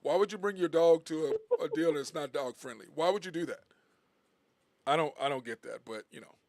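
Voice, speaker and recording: A man's voice: fairly high pitch, fairly quick, darkish tone, no room sound. A man hosting casual sports talk radio from a studio mic, teasing his co-hosts and chuckling often. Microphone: studio microphone.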